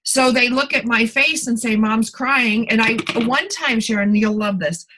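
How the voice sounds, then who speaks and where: A woman's voice: fairly high pitch, unhurried, bright, forceful tone, slight background noise, rough recording. A middle-aged woman, a guest in a podcast conversation, candidly telling personal stories with plenty of fillers. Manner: candid storytelling, many fillers and restarts.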